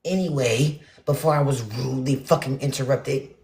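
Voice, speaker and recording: A young woman rants bluntly and profanely to her viewers, swinging between loud outbursts and muttered asides. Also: extremely low pitch, moderate pace. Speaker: spiritual vlogger. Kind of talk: ranting casual monologue to viewers.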